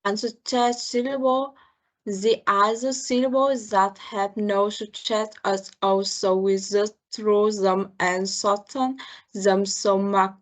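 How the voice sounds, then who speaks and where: Slow, measured woman reading a lesson. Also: mid-range voice, poor audio. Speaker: student presenter. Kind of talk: reading a class presentation on syllable stress.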